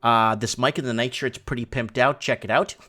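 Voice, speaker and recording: A man hosting a casual livestream from a home studio, talking through chat messages in an excitable, rambling way. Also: medium pitch, a little fast. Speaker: livestream host.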